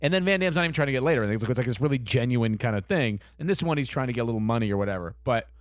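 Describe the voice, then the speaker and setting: A man hosting a podcast in casual chat, lively and prone to swearing and laughter. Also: medium pitch, racing, no room sound, studio quality. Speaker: podcast host.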